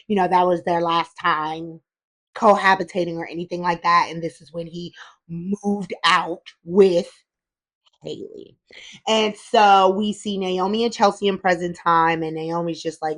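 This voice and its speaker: A woman host casually recapping a soap opera, animated and acting out the characters' lines in quick voices. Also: mid-range voice, poor audio. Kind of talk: casual chat.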